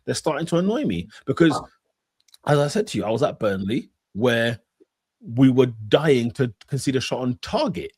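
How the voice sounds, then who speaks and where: A man co-hosting a podcast, talking football casually and acting out his own reactions with animated emphasis. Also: medium pitch, moderate pace, slightly rough, no room sound, clean studio sound. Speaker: podcast co-host.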